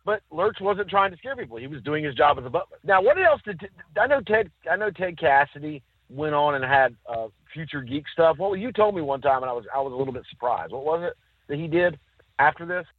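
Animated man on a tinny line. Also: a little high, fairly quick, no echo. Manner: animated storyteller, acts out quotes. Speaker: podcast co-host. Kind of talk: casual chat. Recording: dry, tinny phone-like sound.

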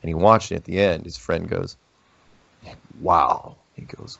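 Deep-voiced man telling stories in an interview. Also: normal speed, creaky, no room sound. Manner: rambling, animated storytelling with restarts. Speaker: interview guest. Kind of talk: casual interview talk. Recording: dull lo-fi dry audio.

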